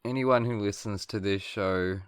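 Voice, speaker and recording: A man's voice: on the low side, measured pace, clear, resonant tone, no room sound, clean studio sound. An Australian man hosting a podcast, chatty and self-mocking. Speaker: podcast host. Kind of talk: casual chat.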